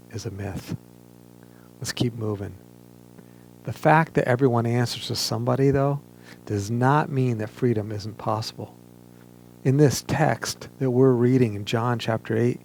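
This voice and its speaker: Male pastor, gravelly mid-pitched voice, earnest measured sermon delivery, faint hum behind. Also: a little mellow. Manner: earnest, measured preaching with emphatic pauses. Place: church, streamed online service.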